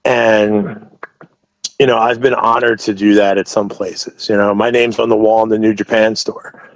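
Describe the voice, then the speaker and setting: A man with a fairly low voice tells long stories as an interview guest. He rambles, restarts sentences and fills gaps with asides. The sound is dry and close, with no room echo. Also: level tone, normal speed. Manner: rambling, many restarts and "you know" asides. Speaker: wrestling promotion owner, interview guest. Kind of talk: casual interview storytelling.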